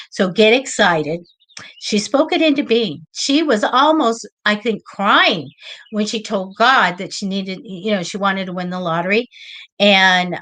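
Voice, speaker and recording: A middle-aged woman hosting a live psychic show, chatting casually and telling excited stories with lots of acted-out quotes. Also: on the high side. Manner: chatty storyteller, lively and excitable, acts out quoted voices. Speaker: psychic reader and show host. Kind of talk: casual live-stream chat.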